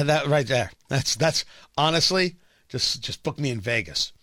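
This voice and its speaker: A man's voice: on the high side, big pitch swings, moderate pace, pushed and bright, no echo, clean studio sound. A man hosting political talk radio, giving emphatic, opinionated commentary and repeating phrases for effect.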